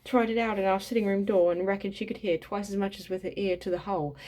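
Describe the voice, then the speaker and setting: A woman's voice: medium pitch, steady tone, fast, darkish tone, close to an everyday voice. A woman reading aloud, voicing a jovial, boastful middle-aged father who chuckles and brags.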